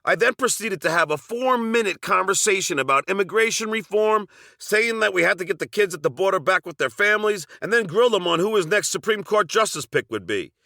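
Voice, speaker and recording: Man, Long Island accent, middle-aged, wry storyteller, bright lively voice, dry close sound. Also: sits high, brisk, gravelly, few pauses, no room sound. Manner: wry, sardonic asides. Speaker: narrator. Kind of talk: scripted personal story narration.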